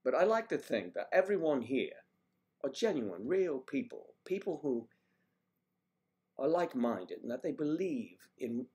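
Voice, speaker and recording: A man's voice: medium pitch, sing-song, measured pace, darkish tone. An older man from the US East Coast hosting a casual livestream, chatting loosely and greeting viewers by name as he reads their comments. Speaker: livestream host.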